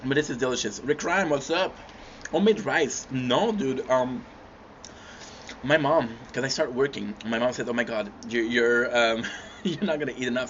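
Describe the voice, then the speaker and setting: Young man chatting with viewers while eating. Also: mid-range voice. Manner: relaxed, chatty, stops to chew and hum between bites. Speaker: livestream host. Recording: dull lo-fi stream audio with faint background hum.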